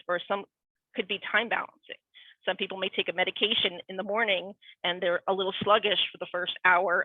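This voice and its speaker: A woman's voice: medium pitch, no room sound. A woman guest speaker talking casually and animatedly, tumbling into tangents and acting out quoted voices. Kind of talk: casual conversational talk. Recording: tinny phone-like line, dry.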